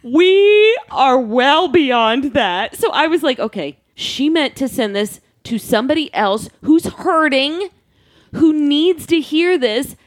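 A woman spins a dramatic family story in relaxed conversation, voicing the people in it as she goes. Her voice sits high and swoops all over the place. The sound is dry and close, with no room echo. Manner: animated, dramatic storytelling with acted-out quotes and frequent laughter. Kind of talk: casual chat.

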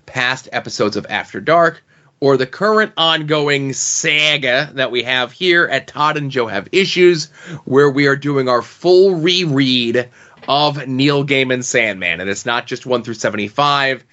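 A man hosting a podcast in casual chat, steady and relaxed as he hands things over. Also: medium pitch, a little slow, lo-fi sound. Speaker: podcast host.

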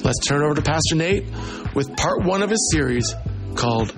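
A man's voice: on the high side, animated, moderate pace. A man hosting a church podcast, giving an upbeat, welcoming scripted intro. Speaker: podcast host. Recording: music bed under the voice. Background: music.

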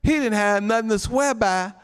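A male pastor preaching a sermon, animated, often calling out to the congregation and breaking into shouts and laughs. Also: sits high, normal speed, clear, resonant tone. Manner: calls out to the congregation.

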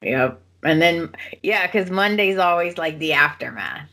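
A woman's voice: fairly low pitch, lively intonation, measured pace, background noise. A woman hosting a podcast, casually recapping soap opera episodes and acting out the characters' lines as she tells the story. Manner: chatty storyteller who acts out characters' lines. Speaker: podcast host.

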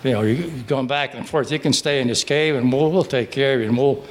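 An older veteran from Pittsburgh, speaking at a mid pitch, tells his service memories to a room of listeners at a restaurant. His talk wanders and stalls, full of fillers, restarts and loose asides. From Pittsburgh, Pennsylvania. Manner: rambling, halting, with many restarts and fillers. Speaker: veteran telling stories. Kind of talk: live storytelling at a breakfast gathering.

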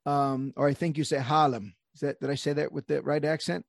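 A man's voice: on the high side, little pitch movement, fast, creaky, a little mellow, dry recording, clean studio sound. A man hosting a podcast interview, speaking hesitantly with many fillers and frequent laughter. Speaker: podcast host, PE teacher. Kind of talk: conversational interview.

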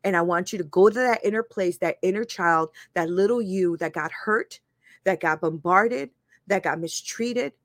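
A woman's voice: fairly low pitch, moderate pace, dry recording. A woman hosting a live motivational talk, candid and laughing often, swearing casually and voicing her own inner critic as she speaks. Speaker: life coach and show host.

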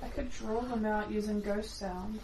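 A woman's voice: medium pitch, steady tone, moderate pace. Laughing woman player at a table. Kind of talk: casual tabletop play. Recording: roomy, distant, noisy table recording.

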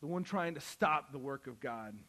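A man preaching a sermon, moving from quiet Bible reading to loud, impassioned calls. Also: fairly high pitch, expressive, moderate pace. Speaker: pastor.

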